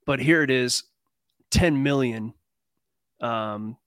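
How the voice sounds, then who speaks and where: A man's voice: mid-range voice, takes it slowly, dry recording. Chill guy host rambling about market data, dry close mic. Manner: relaxed, rambling with fillers. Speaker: trading show host. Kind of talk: casual chat.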